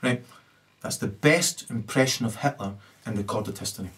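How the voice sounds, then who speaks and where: A man's voice: on the low side, normal speed, a bit bright. Rambling man ranting to camera. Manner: keeps tagging "right?" onto his sentences. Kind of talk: rambling solo rant to camera. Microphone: camera mic.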